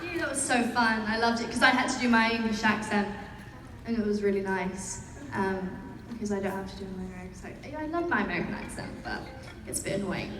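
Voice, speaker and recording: A woman's voice: medium pitch, fast talker, recorded from a distance, over loud music. A young woman chatting and telling stories to fans at a convention panel, laughing as she goes. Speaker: actor answering fan questions at a panel. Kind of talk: casual chat. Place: large convention hall. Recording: echoey hall, heard from afar.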